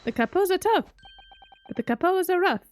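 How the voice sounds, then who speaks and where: A woman's voice: very high voice, very animated, brisk, voice pushed up. A woman voicing a boisterous male criminal boss with a put-on Italian accent, swaggering and sing-song.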